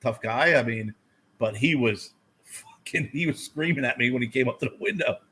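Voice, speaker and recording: A man with a husky, breathy voice at an ordinary pitch, co-hosting a podcast in relaxed conversation. He tells profane stories and acts out his own past lines. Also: normal speed. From United States. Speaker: podcast co-host. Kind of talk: casual chat.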